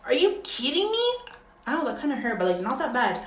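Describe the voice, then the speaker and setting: A young woman vlogging casually at home, excitable and dramatic, with sudden loud exclamations. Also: sits high, moderate pace. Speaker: beauty vlogger. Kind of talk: casual vlog chat. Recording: echoey room with faint noise.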